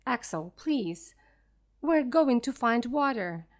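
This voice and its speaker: A woman reading the lines of an excited elderly male professor explorer, explaining slowly and clearly. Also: on the high side. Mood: urging.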